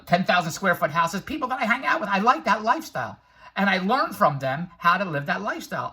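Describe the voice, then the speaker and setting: An older man, a vlogger and infomercial producer, gives a brash, rambling motivational monologue full of tangents and laughs at his own jokes. His voice sits high, bright and forceful with a breathy edge.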